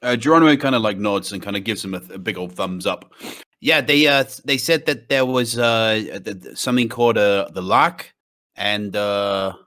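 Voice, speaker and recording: A man's voice: lowish voice, normal speed, sharp tone. A man joking around while playing a tabletop game, stumbling over his words. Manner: joking, stammering. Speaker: player. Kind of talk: casual tabletop play.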